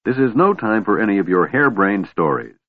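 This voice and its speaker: A man voicing a grumpy, proud old male dwarf with a gruff, blustering manner, for a storybook reading. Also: on the low side, sing-song, a little fast, dry recording. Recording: tinny phone-like dry sound.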